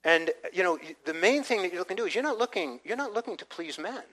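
A man's voice: high-pitched, lively intonation, fast, a bit bright, poor audio. An older man, a pastor, preaching a conversational sermon with frequent restarts and asides. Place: church.

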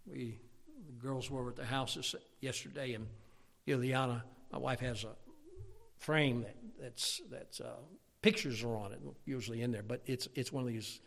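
A middle-aged pastor preaching a sermon, folksy and conversational, swelling into emphatic outbursts. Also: male voice, medium pitch, steady tone, normal speed, creaky, fairly bright tone, big-room sound.

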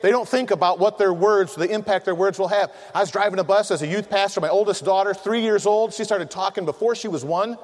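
A middle-aged preacher with a high voice for a man delivers a sermon to a room of men. He spins humorous family stories, acting out voices as he goes. A long hall reverb trails his words. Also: brisk, few pauses.

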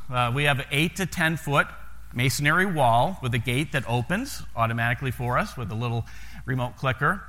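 American missionary man with a bright voice in a large hall. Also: mid-range voice. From United States. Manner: folksy, repeats words when starting sentences. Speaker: missionary pastor. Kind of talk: sermon storytelling to a congregation.

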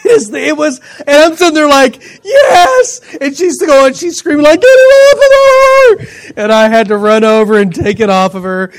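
High-voiced middle-aged preacher, animated storyteller, laughs a lot. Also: male voice, fairly quick, few pauses. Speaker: pastor. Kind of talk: sermon with personal stories.

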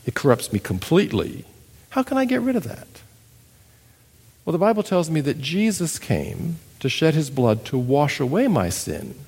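Man, preacher, emphatic sermon, lively pitch, long hall reverb. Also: moderate pace, husky. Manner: emphatic, animated preaching with demonstrations. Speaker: missionary preacher. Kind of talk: sermon with storytelling.

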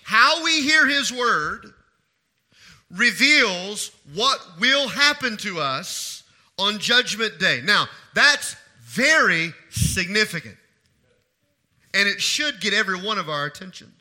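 A man's voice: high voice, sing-song, sharp tone. A middle-aged man preaching a sermon as pastor, asking the congregation questions and repeating key phrases for emphasis. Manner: asks the congregation questions and pauses for answers.

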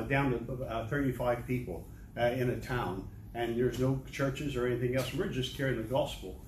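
A man's voice: medium pitch, a little mellow. An older American man giving a rambling, humorous church testimony as a missionary, with many restarts and chuckles. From United States. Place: large church hall. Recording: echoey hall, distant mic, ambient noise.

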